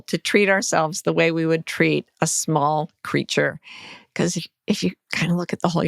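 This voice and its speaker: A woman's voice: low-pitched, moderate pace, creaky, no echo, clean studio sound. A woman life coach, a guest in an interview, explaining ideas earnestly, like a teacher. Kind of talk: conversational interview.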